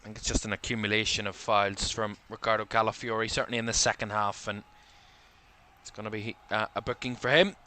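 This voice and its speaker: A man's voice: lowish voice, level tone, fairly quick, bright, forceful tone. A man giving live football commentary for a watchalong stream, calling player names in short bursts and lifting his voice as attacks build, a little tired. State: tired, yawning.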